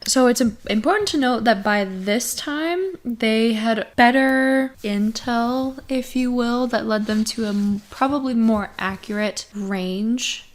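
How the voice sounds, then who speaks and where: A woman co-hosting a podcast in casual chat, explaining things quickly with lots of "like" and getting heated. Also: on the high side. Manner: fast, filler-heavy and heated when explaining. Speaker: podcast co-host.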